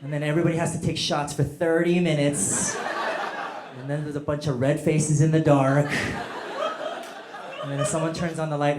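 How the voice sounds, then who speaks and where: A male stand-up comedian doing a set, animated and acting out quoted voices with loud bursts. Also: medium pitch, background noise. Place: comedy stage before a live audience. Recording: echoey hall, audience laughter. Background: audience laughter.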